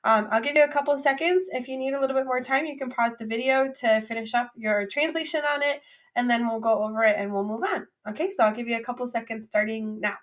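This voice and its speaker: In a recorded French vocabulary lesson, a woman drills phrases with clear, upbeat prompts to repeat after her. Her voice sits a little high, and she talks fast.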